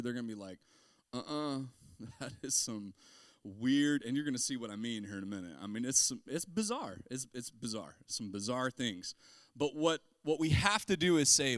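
A man's voice: mid-range voice, fairly bright tone, no room sound. A middle-aged man preaching a casual, joking sermon in a church, talking conversationally and rising into bursts of emphasis. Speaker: pastor. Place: church sanctuary.

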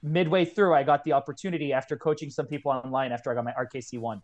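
Fast-talking young man, earnest and heartfelt. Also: mid-range voice, steady tone. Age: 20s. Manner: earnest, heartfelt storytelling, many "like" fillers. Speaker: guest, kettlebell coach. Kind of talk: casual podcast conversation.

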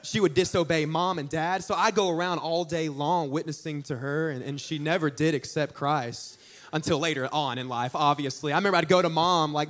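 A young man preaching a sermon, telling stories in an animated, joking way with asides to the congregation. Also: fairly high pitch, fairly quick. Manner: animated, jokey storytelling with audience asides. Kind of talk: storytelling sermon.

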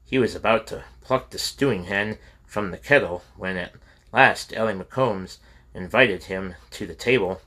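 A man narrating an audiobook in a steady storytelling reading. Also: on the low side, measured pace. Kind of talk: scripted narration.

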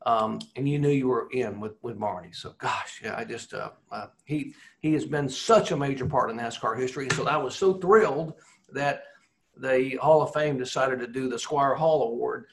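A man who was a racing broadcaster, telling rambling, animated anecdotes in a casual interview. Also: medium pitch, moderate pace, vocal fry.

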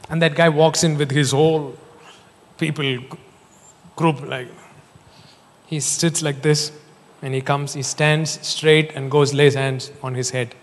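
Male preacher, fairly high voice, animated storytelling sermon in a reverberant hall. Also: takes it slowly, long pauses. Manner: animated storytelling, jokes and laughs.

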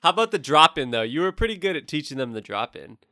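Higher-voiced man prodding with questions. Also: big pitch swings, bright, forceful tone, no echo, studio quality. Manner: prods with questions, quick to laugh. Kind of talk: casual chat.

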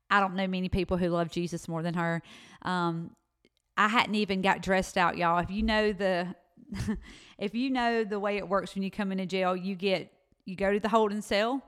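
Brief: Southern woman, thirties, chatty podcast testimony, smooth clear tone, mid pitch. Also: fairly bright tone. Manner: chatty, addresses listeners as y'all. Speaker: podcast co-host. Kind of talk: personal faith testimony storytelling.

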